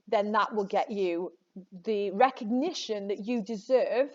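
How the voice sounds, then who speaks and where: A woman teacher walks students through an exam paper in a relaxed, chatty voice of middling pitch. She encourages them and trips over her words now and then, laughing it off. The recording sounds a little dull and lo-fi. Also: measured pace. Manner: chatty, self-correcting, encouraging. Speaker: English teacher. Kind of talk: recorded classroom lesson. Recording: slightly dull lo-fi audio.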